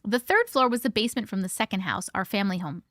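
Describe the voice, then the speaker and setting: A woman with a medium-pitched, slightly bright voice speaks quickly and expressively, recorded in a clean studio with no echo. She's hosting a live stream, reading a listener's story aloud bluntly, reacting as she goes and swearing along the way.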